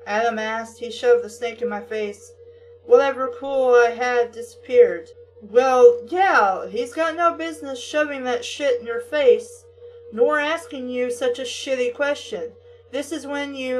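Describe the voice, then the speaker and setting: A woman's voice: a little high, unhurried. A woman reading a book aloud and breaking off into casual, profane asides. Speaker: reader and commentator. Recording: distant mic with faint music.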